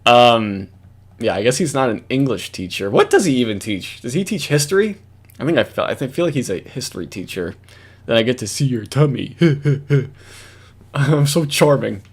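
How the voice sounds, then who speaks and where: A man's voice: mid-range voice, sing-song, moderate pace, breathy edge. Rambling, swearing male commentator. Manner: rambling, swearing, laughing often, many fillers. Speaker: commentator reacting to a TV show. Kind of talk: casual reaction commentary.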